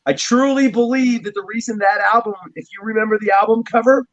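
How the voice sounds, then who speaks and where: Drummer guy from new jersey, rambly storyteller, kinda high voice, muffled dull audio. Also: a little fast. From New Jersey, USA. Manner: rambling, storytelling, chuckles often. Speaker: guest drummer. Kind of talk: casual interview chat.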